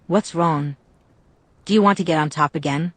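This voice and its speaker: A woman voicing a gruff, hot-tempered young man in a storybook reading. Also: low-pitched, normal speed, no echo. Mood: worried.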